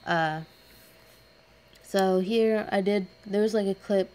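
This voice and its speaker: A woman's voice: mid-range voice, takes it slowly, darkish tone, clean tone. A young woman in college chatting casually over her speed paint, rambling and self-deprecating with lots of fillers. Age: young adult. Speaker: artist narrating a speed paint.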